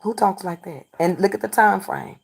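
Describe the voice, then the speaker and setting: A woman's voice: medium pitch, normal speed, creaky, husky. A woman streaming live who does readings, talking back to her chat in a combative, scolding way and repeating herself for emphasis. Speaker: livestreamer doing readings. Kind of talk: confrontational livestream talk to chat.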